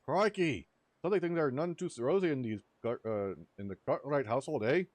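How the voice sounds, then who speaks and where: A man voicing a loud, cheeky little male fairy sidekick who talks in a brash, bossy, slangy way. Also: mid-range voice, brisk, no echo, close to an everyday voice. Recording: faint music behind.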